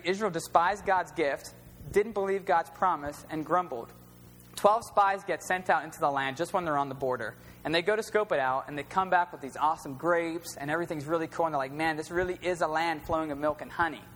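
A man's voice: a little high, fairly bright tone. A man preaching a sermon in a conversational storytelling way, using plain everyday wording. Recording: long reverb with faint hum.

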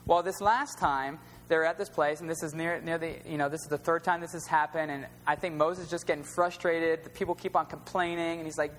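A man preaches in a relaxed, conversational way, telling his points like stories in plain everyday words. His voice rings out with a long reverb in a large hall. A faint hum sits under the recording. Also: on the high side, a little fast, hardly any pauses. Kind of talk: sermon.

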